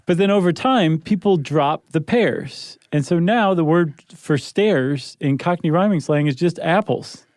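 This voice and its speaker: A man's voice: fairly high pitch, lively intonation, measured pace, hardly any pauses, a little mellow, dry recording, clean studio sound. A man co-hosting a podcast in casual, joking chat, often trailing off and restarting. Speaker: podcast co-host.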